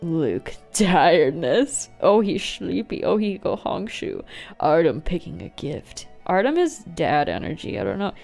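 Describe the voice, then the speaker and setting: A woman giving excitable, jokey let's-play commentary as a gaming YouTuber. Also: on the low side, a little slow, vocal fry, soft background music.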